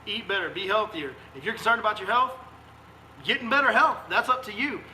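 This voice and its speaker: A man's voice: high voice, a little fast, sharp tone, a little hiss or hum. A man, a fishing guide hosting a live stream, delivering a fiery, emphatic rant full of repeated rhetorical questions. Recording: echoey room sound.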